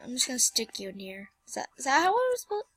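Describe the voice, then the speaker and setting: Young woman, gameplay host; high, bright voice, flustered and excitable, dry close recording. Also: quick pace, dry recording, faint music behind. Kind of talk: casual let's play commentary.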